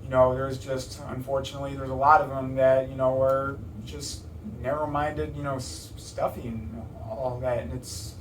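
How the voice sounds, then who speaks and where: A man's voice: mid-range voice, flat delivery, moderate pace, few pauses, a little hiss or hum. A young man in an interview, talking casually and rambling with many fillers and restarts. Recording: roomy, distant mic.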